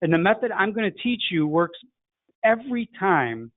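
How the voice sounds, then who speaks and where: A man's voice: high voice, sing-song, normal speed, no echo. A middle-aged man from Chicago with a Chicago accent, teaching a sales lesson in a direct coaching manner. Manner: direct, coaching, acts out phone greetings. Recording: tinny phone-like dry sound.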